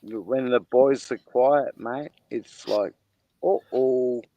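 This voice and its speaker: A man's voice: mid-range voice, slow, warm tone, no room sound, poor audio. A man chatting in a laid-back, agreeable way, with some swearing. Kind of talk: casual chat.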